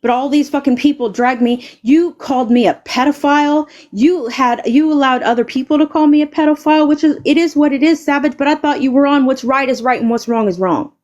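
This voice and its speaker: A woman's voice: high-pitched, fairly quick, hardly any pauses, a little mellow, dull audio. A woman live streamer delivering an angry, confrontational rant, stammering and repeating words and swearing heavily.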